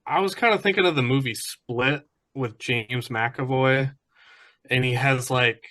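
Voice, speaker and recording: A man with a bright, tense voice chats casually about a film. He talks in a relaxed way and hedges often, filling his sentences with "like". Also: medium pitch, measured pace. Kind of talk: casual movie discussion.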